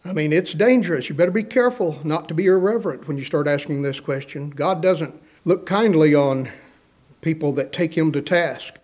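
A man's voice: a little high, normal speed, a little mellow. A man preaching a sermon, earnestly reading scripture aloud and putting questions to his listeners.

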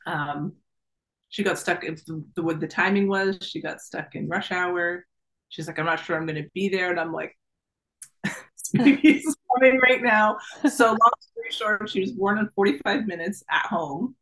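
A middle-aged woman, a guest in an interview, telling a personal story in a lively, casual way, laughing often and acting out the voices of the people in her story. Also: fairly low pitch, normal speed, low-quality recording. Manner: animated, laughs often, acts out quoted voices.

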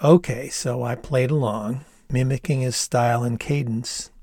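An older man reading his own memoir aloud in a measured storytelling manner. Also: medium pitch, fairly even intonation, a little mellow, no room sound, studio quality. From Ann Arbor, Michigan, USA. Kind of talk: audiobook narration.

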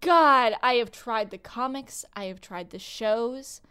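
A woman's voice: on the high side, takes it slowly, bright, forceful tone, clean tone. A woman casually chatting about a movie with a co-host, wry and dismissive, repeating herself for emphasis. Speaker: podcast co-host.

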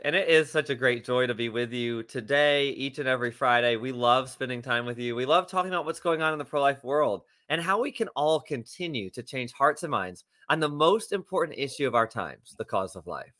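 A man's voice: medium pitch, fairly quick, hardly any pauses, pushed and bright. A man co-hosting a casual morning show over a video call, with a dry, teasing manner. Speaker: show co-host.

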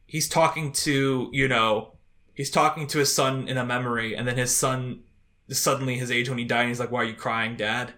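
A man co-hosting a podcast in casual chat, joking and animated, often laughing as he talks. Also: mid-range voice, a little fast. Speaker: podcast co-host.

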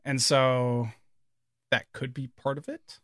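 A man's voice: mid-range voice, level tone, takes it slowly, a bit bright, no echo, clean studio sound. A man in his thirties chatting casually as a podcast co-host, telling stories with many fillers and restarts. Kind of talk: casual chat.

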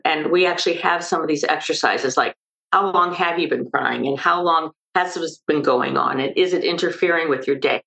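An older woman, an expert guest on an interview podcast, explaining emphatically and telling lively stories. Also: fairly low pitch, low-quality recording. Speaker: maternal mental health expert guest.

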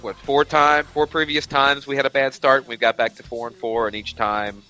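A man with a bright, forceful voice co-hosts a casual sports podcast. He tells rambling stories, restarting his sentences as he goes. Faint music sits under the talk. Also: medium pitch, flat delivery, moderate pace, rough recording. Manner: rambling storyteller with frequent restarts. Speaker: podcast co-host.

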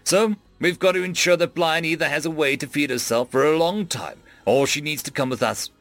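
A man's voice: a little high, brisk, a bit bright, no room sound, voice pushed up. A man voicing an easygoing young human man who thinks aloud in a casual way.

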